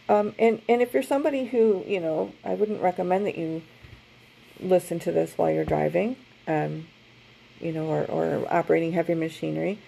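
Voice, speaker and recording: Gravelly, mellow-voiced woman podcast co-host. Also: lowish voice, low-quality recording. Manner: chatty, rambling with many fillers. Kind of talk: casual chat and guided meditation intro.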